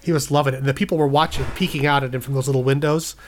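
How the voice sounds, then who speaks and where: A man with a middle-range voice tells an improvised bedtime story. He is playful and loose, jumps up in pitch to act out the characters' lines, and then settles back into easy narration. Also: fairly even intonation, very fast, a little hiss or hum. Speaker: storyteller, guest podcast host.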